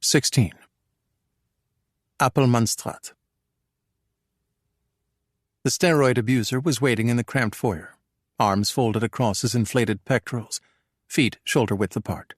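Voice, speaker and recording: A man narrating a thriller audiobook in a measured, even storytelling manner. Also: mid-range voice, no echo, studio quality.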